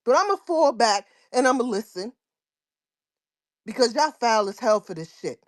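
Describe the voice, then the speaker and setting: A woman's voice: a little high, lively intonation, a little slow, no echo, clean studio sound. A woman venting angrily and with heavy profanity in a live audio chat room. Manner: angry, profane, confrontational.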